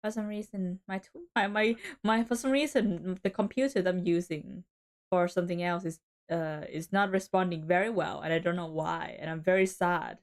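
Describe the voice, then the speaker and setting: A woman's voice: on the low side, steady tone, moderate pace. Giggly woman streamer rambling. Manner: giggly, rambling, self-interrupting. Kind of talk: casual gameplay chat.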